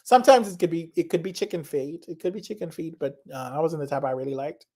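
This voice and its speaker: Young woman, low-ish voice, rambling casual guest, enthusiastic, laughs a lot. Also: quick pace, very noisy. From Zimbabwe. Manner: rambling, enthusiastic, laughs often, repeats herself. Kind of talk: casual chat.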